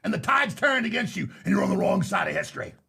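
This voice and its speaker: A man's voice: sits high, lively intonation, fast, pushed and bright, slight background noise. A man speaking as a podcast guest, ranting in a defiant, combative way. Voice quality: gravelly. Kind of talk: heated interview talk.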